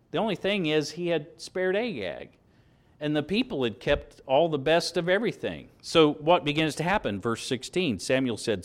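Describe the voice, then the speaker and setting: A man preaching, a pastor reading scripture aloud and explaining it with animated emphasis. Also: fairly high pitch, measured pace.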